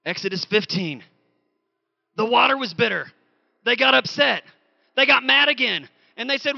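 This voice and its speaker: Guy giving a sermon, bright tense voice, kinda dull lo-fi audio. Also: very high voice, normal speed, vocal fry, pauses often, no room sound. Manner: animated storytelling, acts out quoted voices. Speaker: pastor.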